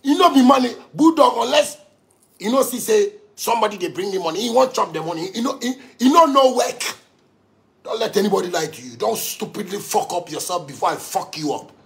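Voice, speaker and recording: Heated gravelly Ghanaian man ranting. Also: high voice, expressive, brisk. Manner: heated, profane, repetitive. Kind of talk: angry rant.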